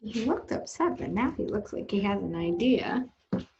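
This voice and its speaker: A woman librarian leading a playful, animated storytime for preschoolers. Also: medium pitch, normal speed, muffled recording, slight background noise. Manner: playful, animated, sing-song with kids. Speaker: children's librarian.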